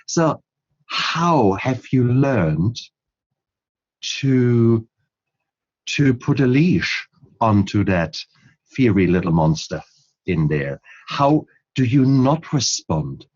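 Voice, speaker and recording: Male host, husky and lively in pitch, unhurried probing questions, muffled lo-fi sound. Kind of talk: interview questions. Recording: dull lo-fi audio.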